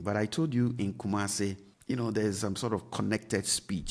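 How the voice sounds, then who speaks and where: Deep-voiced man teaching a lesson. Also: fairly even intonation, normal speed, hardly any pauses. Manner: models phrases with exaggerated rising tones; patient, repeats each phrase several times. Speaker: language teacher. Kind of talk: explaining a language lesson.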